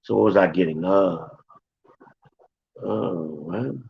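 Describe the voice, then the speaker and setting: A man's voice: low voice, slow pace, vocal fry. A man teaching from scripture in an informal, emphatic way, repeating his points and talking straight to his listeners. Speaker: Bible teacher. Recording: dull lo-fi recording.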